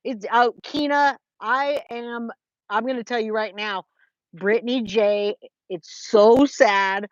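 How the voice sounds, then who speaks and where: A woman's voice: a little high, fairly even intonation, slow pace, no room sound. Chatty woman livestream host. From California. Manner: chatty, greets viewers by name, many restarts. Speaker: livestream host reading chat. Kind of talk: casual livestream chat. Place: trailer. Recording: dry, slightly dull lo-fi sound.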